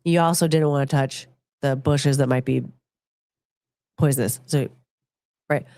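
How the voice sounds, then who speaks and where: A woman's voice: fairly even intonation, unhurried, mellow, no room sound. A woman hosting a podcast, telling crude childhood stories in a joking way and reading chat comments. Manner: chatty, crude and joking, swings pitch a lot in quoted voices. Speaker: podcast host.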